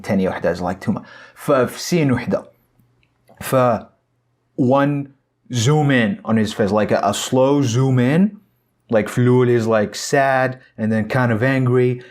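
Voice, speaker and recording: Excitable man reviewing a film. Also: medium pitch. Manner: excitable, profane, switching between Arabic and English.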